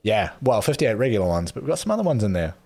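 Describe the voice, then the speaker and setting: A man's voice: on the low side, sing-song, racing, vocal fry, a little mellow. A man co-hosting a podcast, giving dry, laid-back plugs and asides. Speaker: podcast co-host. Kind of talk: casual podcast banter.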